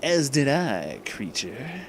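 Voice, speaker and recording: A man voicing a smug male bird in a soft, flat, mock-formal voice, reading a fan story aloud. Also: medium pitch, slow, a little hiss or hum.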